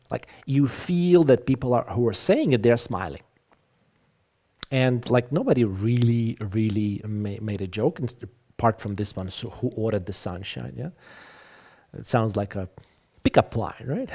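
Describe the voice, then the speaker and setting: A man lectures on an online video call at a middle pitch. He talks in a loose, conversational way, full of "like" and "uh". He often restarts his sentences. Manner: lively, conversational, frequent fillers and restarts. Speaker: English lecturer.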